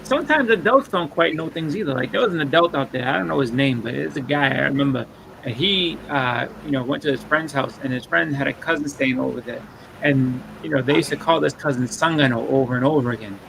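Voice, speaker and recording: Gravelly fast-talking man telling stories. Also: mid-range voice. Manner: rambling anecdotes with restarts and acted quotes. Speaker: podcast co-host. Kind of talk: casual storytelling chat. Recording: faint background noise.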